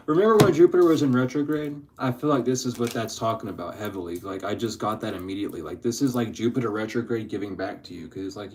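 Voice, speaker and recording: A man giving a casual spiritual tarot reading, slangy and profane, laughing often and swinging between excited bursts and low mutters. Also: a little fast, few pauses, a little hiss or hum. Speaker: tarot reader.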